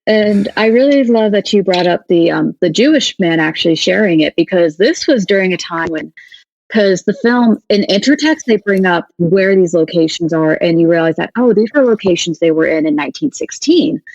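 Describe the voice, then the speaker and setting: A woman's voice: lowish voice, expressive, normal speed, darkish tone, dry recording. Guest film critic, female, opinionated casual talk, muffled dry recording. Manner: opinionated, with frequent short affirmations.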